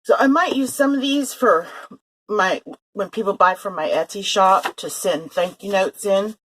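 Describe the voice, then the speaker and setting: A woman's voice: mid-range voice, measured pace, fairly bright tone, poor audio. A woman in a casual haul vlog, filming at her sewing table and chatting in a rambling way about cards she found at a thrift store. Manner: chatty, rambling, with fillers and self-corrections. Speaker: vlogger showing a thrift haul. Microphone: handheld or table camera.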